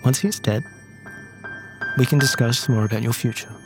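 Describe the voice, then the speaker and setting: A man voicing an elderly female crime matriarch who speaks quietly and condescendingly in a tabletop game. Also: mid-range voice, steady tone, normal speed, over music, natural voice. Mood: cold menace.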